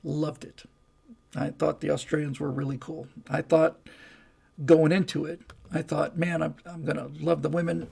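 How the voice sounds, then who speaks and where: A man's voice: a little high, flat delivery, moderate pace, gravelly, a little mellow, breathy edge. An older man hosting a live stream, chatting casually and reading comments in a rambling, folksy way. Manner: rambling, folksy, restarts and asides.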